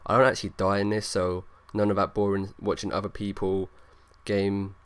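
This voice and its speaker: A man's voice: on the low side, little pitch movement, normal speed, clean tone, dry recording. A young man rambling through casual gameplay commentary, leaning on lots of fillers. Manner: rambling, filler-heavy, talks over gameplay. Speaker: gaming YouTuber.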